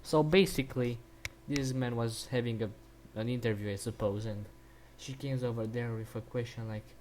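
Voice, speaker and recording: A man's voice: medium pitch, fairly even intonation, normal speed, darkish tone, slight background noise. A man ranting in a crude, mocking and rambling way while he comments on a video, often restarting his sentences. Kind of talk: profane reaction rant.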